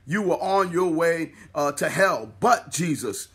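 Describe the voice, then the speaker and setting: Bright, husky-voiced preaching man. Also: fairly high pitch, lively intonation, a little slow. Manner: call-and-response preaching with repeated refrains. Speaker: pastor. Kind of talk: sermon.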